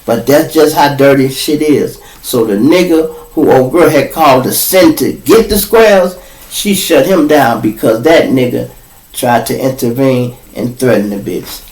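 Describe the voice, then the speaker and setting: A man with a Chicago accent spins a loud, lively story from his own podcast, slipping into other people's voices and bursting into laughs and shouts. His voice sits at an ordinary pitch. The sound bounces around a roomy space. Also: measured pace. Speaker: podcast host telling a jail story. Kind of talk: animated storytelling. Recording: roomy echo.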